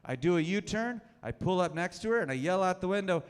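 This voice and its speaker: Man, stand-up comic, fairly high voice, club stage, long reverb. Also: lively intonation, fairly quick, few pauses, clean tone. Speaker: stand-up comedian. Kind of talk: stand-up comedy set.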